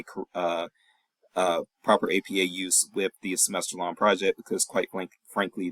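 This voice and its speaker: A man who is a professor giving a recorded weekly check-in lecture to his class, in a relaxed, reassuring, chatty way with many fillers. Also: deep voice, no room sound, rough recording.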